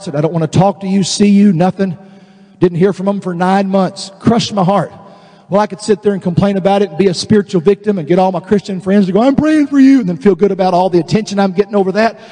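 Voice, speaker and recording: High-voiced animated preacher in a church hall. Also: male voice. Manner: animated preaching, swings from quiet to loud with laughs. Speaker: guest preacher. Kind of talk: sermon. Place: church service. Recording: long reverb of a church hall.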